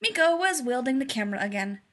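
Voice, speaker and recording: A woman narrating a fan fiction story aloud in a lively, amused way. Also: sits high, fast.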